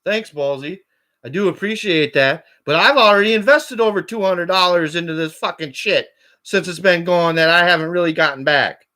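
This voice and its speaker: A man on a call-in show, ranting angrily and swearing constantly, his voice climbing toward shouts. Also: sits high, normal speed. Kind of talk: angry profane rant.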